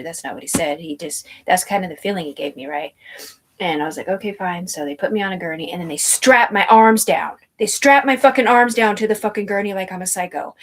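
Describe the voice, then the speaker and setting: A woman's voice: fairly low pitch, quick pace. A woman telling a long personal story in a rambling, tangential way, swearing freely and piling up fillers and asides. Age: adult.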